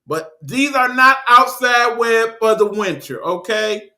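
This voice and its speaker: Blunt high-voiced Detroit man ranting. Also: animated, slow, pushed and bright. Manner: blunt, scolding, profane, joking. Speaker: online show host. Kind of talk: casual ranting monologue.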